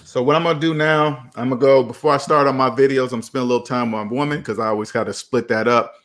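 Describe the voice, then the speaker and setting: A young man hosting a casual live chat about personal finance, talking in an animated, preachy and repetitive way. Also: medium pitch, quick pace. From United States. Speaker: finance channel host.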